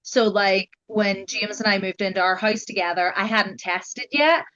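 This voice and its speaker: A woman's voice: mid-range voice, normal speed, sharp tone, muffled recording. A young adult woman, telling her story as a guest in a casual, chatty way, full of "like" and "you know". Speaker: guest sharing her genetic testing experience.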